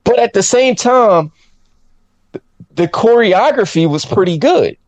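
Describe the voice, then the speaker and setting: A man co-hosting a podcast, chatting casually about a film with slang and quick quoted asides. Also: dry recording. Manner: animated, swoops up high when quoting himself, slangy. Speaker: podcast co-host reviewing a film. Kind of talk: casual chat.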